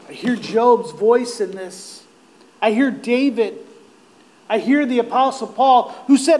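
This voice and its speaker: Man preaching, real high voice, slow and drawn out, gets fired up. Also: low-quality recording. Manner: impassioned, swells to near-shouts on quoted cries. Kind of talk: sermon.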